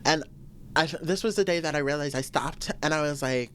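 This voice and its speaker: A woman's voice: low-pitched, fairly quick. A woman hosting a podcast on her own, venting in a blunt, profane, emphatic way. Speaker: podcast host. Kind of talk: casual solo podcast venting.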